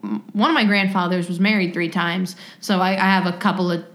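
A woman co-hosts a podcast, chatting casually and reading listener stories aloud in a rambling, jokey way, often interrupting herself. Her voice is fairly low and fairly bright, with fairly even intonation and a fairly quick pace.

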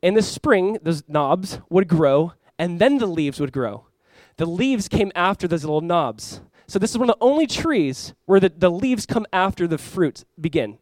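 A man's voice: high voice, big pitch swings, moderate pace, hardly any pauses, no echo. A man preaching a sermon as pastor, reading scripture with rising emphasis and breaking into conversational asides and jokes.

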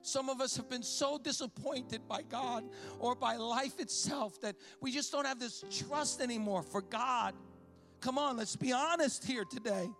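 A man's voice: very high-pitched, a little slow, a bit bright, faint music behind. A man preaching a sermon with passion, repeating his phrases for emphasis. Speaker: pastor.

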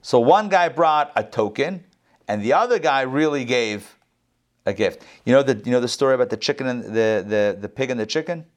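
A middle-aged man teaching scripture in a loose, conversational sermon. He tells jokes, trips over and repeats words, and drifts into friendly asides. His pitch sits in a mid, ordinary range. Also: lively intonation, normal speed. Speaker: rabbi teaching Torah class.

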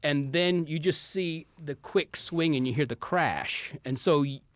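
A man's voice: on the high side, unhurried, dry recording. A man co-hosting a comedy podcast, telling a long backstage story and acting out the quotes. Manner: animated storyteller, acts out quotes. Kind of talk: casual storytelling chat.

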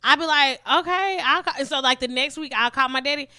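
A woman in a casual podcast chat, telling stories in an animated way and acting out quotes. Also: high-pitched, quick pace, dry recording, clean studio sound. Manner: animated storyteller, quotes others. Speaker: podcast co-host.

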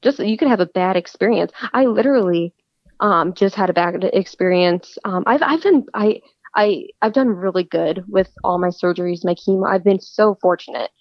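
A woman's voice: mid-range voice, moderate pace, dry recording. A woman talks earnestly in a casual interview, often restarting and repeating words as she goes. The recording is dull and lo-fi, with no room sound at all. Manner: earnest, repeats words when starting sentences. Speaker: guest, cancer patient. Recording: dull lo-fi dry audio.

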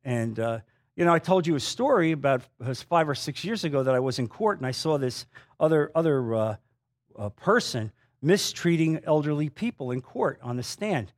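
Male preacher with a higher voice, storytelling sermon delivery, dynamic from hushed to loud. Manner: confessional storytelling, swinging between loud and hushed.

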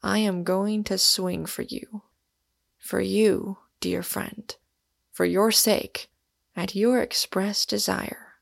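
Brief: woman voicing a sullen young student, quiet and gravelly, slow and gentle in his menace. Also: steady tone, no echo, studio quality, full character voice. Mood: gently menacing. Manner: soft, low-key tenderness. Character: sullen young male undergraduate, mildly menacing.

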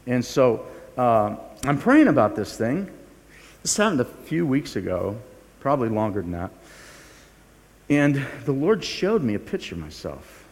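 A man's voice: medium pitch, very animated, measured pace. An older male pastor delivers a sermon in an earnest, confessional way, stumbling over restarts and teasing himself along the way. His mid-range voice rings out with a long hall reverb behind it. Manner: earnest, confessional, with frequent restarts and self-mocking humor.

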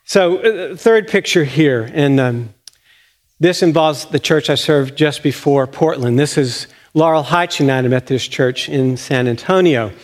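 A man's voice: a little high, a little slow. An older man, a retiring pastor preaching a folksy, storytelling sermon in a church sanctuary.

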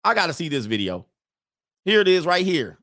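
A male host giving joking, animated reaction commentary and laughing often. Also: on the high side, brisk, dry recording, studio quality.

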